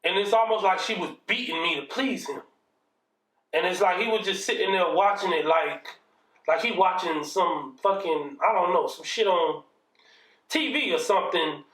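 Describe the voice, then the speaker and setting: A man's voice: sits high, moderate pace, a bit bright, far from the mic. A man casually telling a story from his childhood, profane and rambling, often checking in with "you know what I mean". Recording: roomy echo, mic set back.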